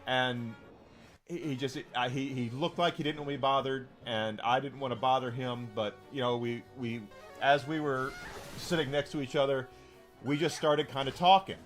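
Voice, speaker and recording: A man's voice: mid-range voice, fairly even intonation, normal speed, faint music behind. A man streaming a game and telling a long story in a rambling, casual way, full of restarts and fillers.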